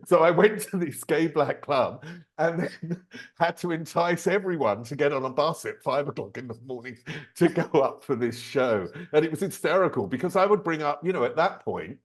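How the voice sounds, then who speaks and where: A man's voice: on the high side, animated, moderate pace. A man hosting an interview, telling a story in a chatty way and laughing as he talks. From southern England. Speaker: podcast host, interviewer. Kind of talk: casual interview chat.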